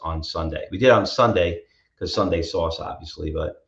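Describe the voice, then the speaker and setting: Low-voiced man in a roomy, dull recording. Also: a little fast, gravelly. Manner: rambling, animated storytelling. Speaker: co-host. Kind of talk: casual chat. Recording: roomy, dull-sounding mic.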